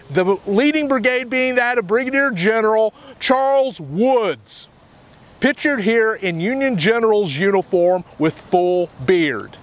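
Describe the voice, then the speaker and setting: A man with a very high, light voice walks listeners through a battlefield's history as a park historian. He speaks in a measured, deliberate storytelling manner. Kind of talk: on-site battlefield history talk.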